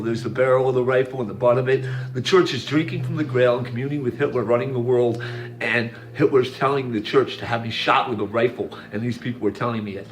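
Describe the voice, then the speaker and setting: A man's voice: medium pitch, a little hiss or hum. Earnest man narrating over pictures. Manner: earnest, repetitive pointing-out narration, occasional yelled quotes. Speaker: video narrator.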